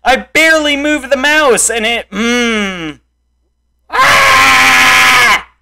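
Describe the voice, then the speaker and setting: A young man in raging gameplay commentary, frustrated, swinging between muttered complaints and loud shouts at the game. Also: very high-pitched, lively intonation, slow pace, clean tone. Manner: frustrated, yelling and insulting the game. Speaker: gameplay streamer.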